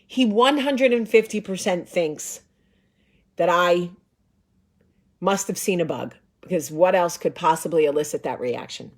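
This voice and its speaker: A woman's voice: fairly low pitch, measured pace. A woman in her thirties hosting a show, telling a comic story in a dramatic, profane, emphatic way. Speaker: show host. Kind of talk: comedic storytelling.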